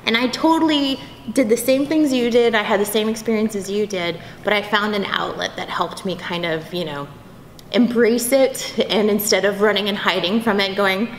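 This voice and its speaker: A woman voice actress telling stories in a convention interview, bubbly and animated, slipping into quick impressions. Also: medium pitch. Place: convention venue. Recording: echoey convention room, faint background noise.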